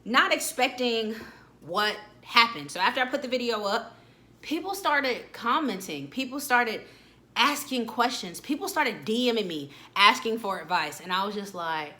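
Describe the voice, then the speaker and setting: Talking straight to camera, a late-twenties woman hosts a laid-back motivational vlog, candid and chatty and calling viewers "y'all." Her voice is on the high side, bright and forceful, with lively intonation at a moderate pace.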